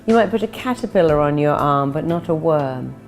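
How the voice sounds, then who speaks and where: A middle-aged woman giving a motivational talk. She acts out people's inner voices, bright and upbeat for the confident ones and low and gloomy for the negative ones. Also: animated, brisk. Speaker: motivational speaker. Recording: soft music behind.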